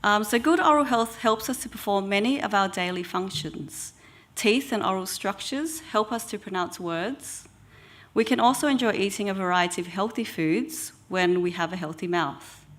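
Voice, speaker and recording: A woman, an oral health therapist giving an educational talk in a measured way with frequent ums. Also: mid-range voice, fairly bright tone.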